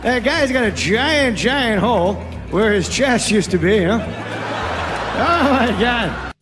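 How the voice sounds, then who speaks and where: A man's voice: very high voice, lively intonation, a bit bright, long reverb tail, faint music behind. Man stammering through an impression. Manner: halting, stammering delivery in character. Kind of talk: comedic impressions before a live crowd.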